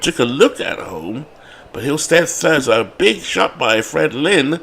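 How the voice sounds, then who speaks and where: A man with a London accent doing play-by-play commentary on a replayed baseball game, building to excited calls on big hits. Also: on the high side, a little slow, vocal fry, slightly rough. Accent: London English. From England.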